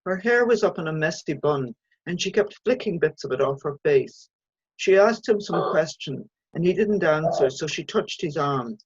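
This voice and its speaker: A woman, an author reading her own short story aloud in a measured, even way. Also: low voice, slightly rough, dry recording, lo-fi sound.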